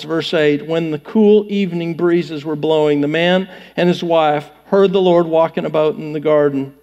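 A man's voice: high voice, darkish tone. A male pastor giving a conversational sermon, joking with his congregation in a church with long hall reverb.

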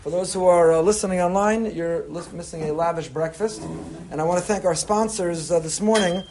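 A man's voice: high-pitched, a little fast, darkish tone, a little hiss or hum. A man, a rabbi, giving a chatty Torah class to a live group, mixing in Hebrew terms. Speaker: rabbi teaching a weekly class. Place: room with a breakfast crowd.

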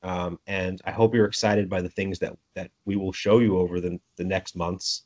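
A man's voice: low-pitched, little pitch movement, moderate pace, darkish tone. A man with a Brooklyn accent, interviewed about the game he designs, thoughtful and joking, often restarting his phrases. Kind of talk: conversational interview. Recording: lo-fi audio.

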